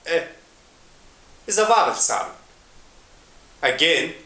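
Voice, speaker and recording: A man teaching an English lesson in a slow, deliberate way, repeating example words. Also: fairly high pitch, fairly bright tone, reverberant.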